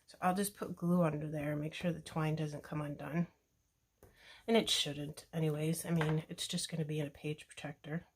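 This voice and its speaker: A woman hosting a crafting video, talking casually to viewers in a relaxed, chatty way while working with her hands. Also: sits low, moderate pace, husky. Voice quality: relaxed, chatty, self-deprecating asides.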